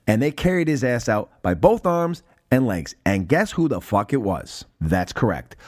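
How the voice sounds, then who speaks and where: A man's voice: medium pitch, no echo. A man telling a profane, sarcastic story as a podcast host, recorded close on a mic. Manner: animated, heavy cursing, sarcastic.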